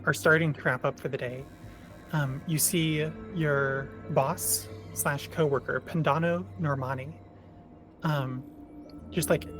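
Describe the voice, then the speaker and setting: A game master narrating a tabletop role-playing scene in a hesitant way with many fillers. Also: mid-range voice.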